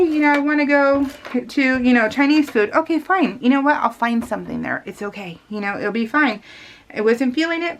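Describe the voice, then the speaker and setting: A middle-aged woman chatting casually in a rambling, animated way, laughing often and using lots of fillers. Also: on the high side. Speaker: scrapbooking vlogger.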